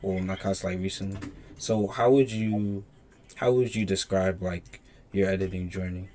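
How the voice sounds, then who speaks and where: A man hosting a casual podcast, asking questions in a halting way with many restarts. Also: low voice, fairly even intonation, a little mellow, slight background noise. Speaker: podcast host.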